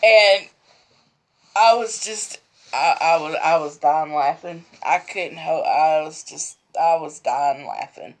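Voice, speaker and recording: A woman's voice: sits low, takes it slowly. A woman who runs a sewing vlog, telling a story in a rambling, repetitive way and laughing throughout. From Texas. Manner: rambling, repeats herself. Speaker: sewing vlogger. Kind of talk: casual storytelling.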